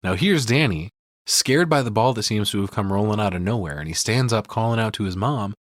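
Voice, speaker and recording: A man's voice: lowish voice, expressive, fairly quick, no echo, studio quality. A male podcast co-host giving a profane, casual film breakdown. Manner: profane, storytelling recap.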